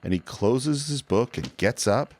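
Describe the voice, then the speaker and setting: A man's voice: medium pitch, animated, unhurried, a little mellow. A man co-hosting a podcast in casual chat, retelling film scenes and slipping into the characters' lines. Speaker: podcast co-host.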